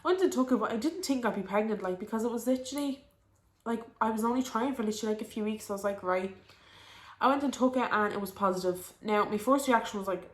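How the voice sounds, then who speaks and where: A woman's voice: on the high side, quick pace, fairly bright tone. Young woman, Dublin accent, early 20s, chatty, lots of fillers, roomy echo. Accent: Dublin Irish. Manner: chatty and rambling, with frequent "um" and "like". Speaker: vlogger. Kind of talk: casual storytelling to camera.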